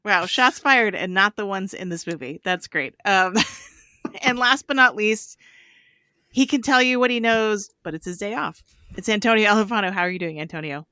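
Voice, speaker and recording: A woman hosting a casual film podcast, upbeat and quick to laugh. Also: mid-range voice, sharp tone, clear, resonant tone, no echo, studio quality. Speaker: podcast host.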